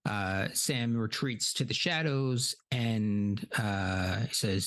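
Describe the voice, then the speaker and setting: A man's voice: fairly low pitch, very slow, few pauses, a bit bright. A man hosting a casual comedy podcast, recapping a film in a rambling way with many ums and uhs.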